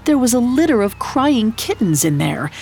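A woman's voice: a little high, very animated, moderate pace, dark tone. A woman narrating a folklore tale in a scripted, dramatic storytelling delivery. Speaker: podcast narrator. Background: faint music.

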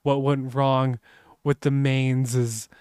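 A man's voice: mid-range voice, flat delivery, slow pace, darkish tone, clean tone, no room sound, studio quality. A man co-hosting a casual podcast, telling rambling, profane stories and laughing a lot. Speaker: podcast co-host. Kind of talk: casual chat.

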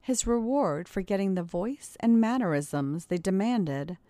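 A woman narrating a story in a steady, measured way. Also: mid-range voice, dry recording. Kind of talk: audiobook narration.

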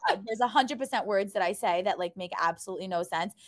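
A young woman from Brooklyn with a New York accent, co-hosting a podcast in animated, filler-heavy casual chat. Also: medium pitch, fast, no echo. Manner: chatty, animated, lots of "like" fillers. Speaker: podcast co-host.

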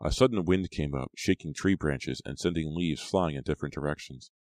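A man narrating an audiobook in a steady, even storytelling manner. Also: extremely low pitch, fairly quick, dry recording, clean studio sound. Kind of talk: scripted narration.

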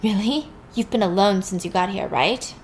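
A woman's voice: medium pitch, normal speed, slight background noise, natural voice. A woman voicing a bitter, accusing male asylum patient in a story recap.

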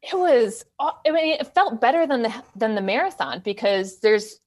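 A woman's voice: a little high, lively intonation, normal speed. A woman from Wisconsin, a podcast guest, telling her story in an upbeat way with frequent laughs. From Wisconsin, USA. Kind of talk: casual interview chat.

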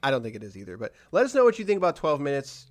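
A man's voice: fairly high pitch, wildly swooping pitch, racing. A man hosting a casual podcast about games, rambling with frequent restarts and trailing-off asides. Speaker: podcast host.

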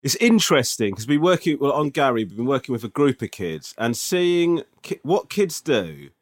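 A man in his forties co-hosting a casual podcast, telling animated, self-mocking stories. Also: medium pitch, moderate pace. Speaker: podcast co-host. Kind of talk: casual chat.

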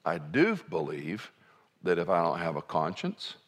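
A man preaching a sermon in a conversational way, dropping to soft asides and rising to emphatic points. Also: deep voice, sing-song, unhurried, breathy edge. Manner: conversational, wide swings between soft and emphatic.

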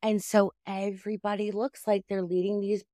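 A woman's voice: medium pitch, flat delivery, normal speed, warm tone, no echo, studio quality. A woman in a casual podcast chat, speaking candidly and emphatically, swearing for emphasis.

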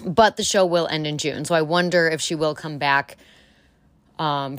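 A young woman hosting a casual solo podcast, gossipy and animated, swearing freely as she chats. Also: sits low, moderate pace, no room sound. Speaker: podcast host.

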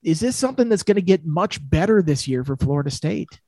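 Animated man talking college football. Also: fairly high pitch, fairly quick, no room sound. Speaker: co-host, college football reporter. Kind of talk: casual sports talk.

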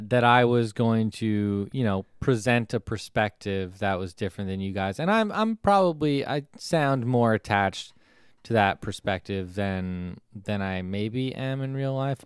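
A man's voice: lowish voice, expressive, unhurried, clean tone, dry recording, studio quality. A man co-hosting a podcast, talking casually and hedging his points with restarts and fillers. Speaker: podcast co-host. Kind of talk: casual chat.

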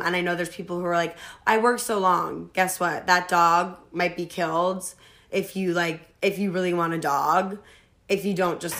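A woman's voice: fairly low pitch, a bit bright. A young woman talking as a guest in a casual, heartfelt chat, with lots of "like" fillers. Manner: heartfelt, says "like" a lot.

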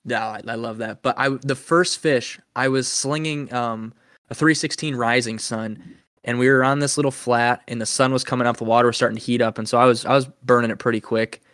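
A young man hosting a podcast tells a story in casual chat, acting out the quotes with animated energy. His medium-pitched voice moves a little fast, recorded in studio quality with no echo.

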